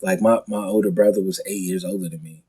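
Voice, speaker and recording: A man's voice: sits low, breathy edge, poor audio. A man, a guest comedian, talking casually on a podcast, telling stories with lots of restarts and acted-out quotes. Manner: animated storyteller, quick restarts, acts out quotes.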